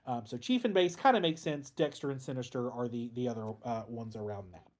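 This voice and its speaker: A man's voice: mid-range voice, a little fast, darkish tone. A man teaching a casual online class as instructor, talking informally with frequent ums and restarts and the odd dry joke. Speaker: heraldry instructor.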